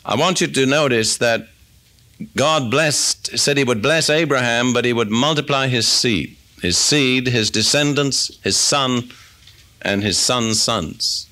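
Guy preaching, bright voice, easygoing teaching, slows down on the big words. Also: medium pitch. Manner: conversational teaching, reads scripture aloud. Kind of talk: expository sermon.

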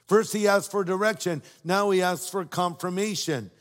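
An older man preaches a sermon with warm storytelling and playful asides. His voice sits a bit high for a man. It carries a long reverb from a large hall or church. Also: moderate pace. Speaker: pastor.

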